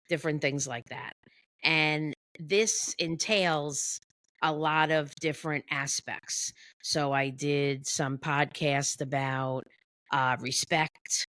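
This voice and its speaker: Slow, halting woman coach on a podcast. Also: low-pitched, fairly bright tone, dry recording. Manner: slow, halting, with many pauses and fillers. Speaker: executive behavior coach, guest. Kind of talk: podcast interview, explaining her coaching.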